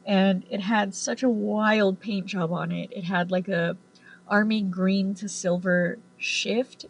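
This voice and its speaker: A woman's voice: mid-range voice, steady tone, takes it slowly, low-quality recording. A woman tarot reader casually telling a long story to camera, rambling with lots of "like" and the odd swear word.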